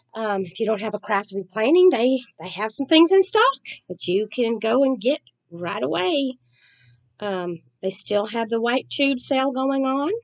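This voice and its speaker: A woman talking in a rambling, chatty and soft-spoken way as a crafting vlogger. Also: on the high side, no room sound. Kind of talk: casual chat.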